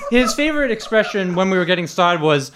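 Young guy telling work stories, bit high voice, laughs a lot, does the voices. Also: very animated, a little fast, background noise. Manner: laughing storyteller, acts out quotes in a higher voice. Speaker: podcast co-host telling restaurant stories. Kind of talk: casual chat.

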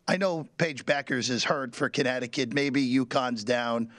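A man's voice: medium pitch, moderate pace, a bit bright, no room sound. Dry-sounding man co-hosting betting radio. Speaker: co-host. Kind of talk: sports betting radio talk.

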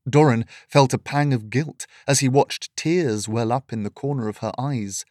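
A man reading a fantasy story aloud in steady, measured scripted narration. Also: medium pitch, dry recording, clean studio sound.

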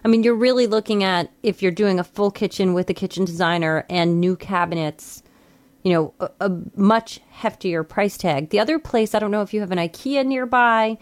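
A woman of middle pitch co-hosts a call-in radio show. She speaks in a relaxed, helpful way, offering practical options to a caller. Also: moderate pace. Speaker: radio co-host.

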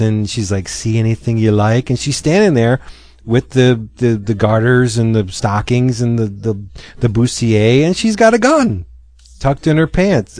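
Animated man retelling a comic. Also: medium pitch, no echo. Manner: animated storyteller, acts out lines with many fillers. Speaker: podcast host reviewing comics. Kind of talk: casual chat.

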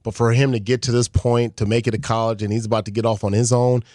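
A man's voice: mid-range voice, flat delivery, fast, a little mellow, no room sound. Man, 40s, reflective podcast guest, dry close sound. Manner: reflective, rambling with fillers. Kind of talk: casual chat.

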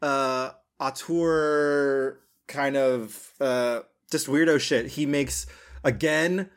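A man's voice: mid-range voice, steady tone, extremely slow, clean tone. A man co-hosting a film podcast, talking bluntly and rambling, with plenty of fillers and swearing. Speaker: podcast co-host. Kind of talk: casual film podcast chat.

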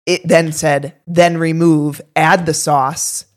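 A woman co-hosting a podcast, chatting casually and telling stories in an animated, talkative way. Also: low-pitched, takes it slowly. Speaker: podcast co-host.

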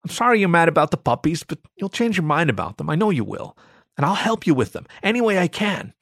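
A man's voice: on the high side, very animated, fast talker, vocal fry, a bit bright, no room sound, studio quality, pitched above the performer's own voice, exaggerated voice. A man voicing a devoted, eager male dog who talks in earnest, simple, pleading words.

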